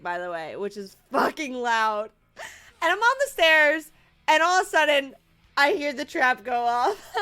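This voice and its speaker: A young woman vlogging, telling a story with animated energy, casual swearing and laughter breaking into her sentences. Her voice sits high and sounds bright and forward, with faint music behind her.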